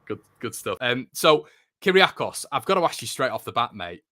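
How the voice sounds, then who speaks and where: A man's voice: medium pitch, sing-song, normal speed, sharp tone, dry recording, clean studio sound. A young man hosting a fan phone-in, chatty and upbeat, with plenty of fillers. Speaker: host.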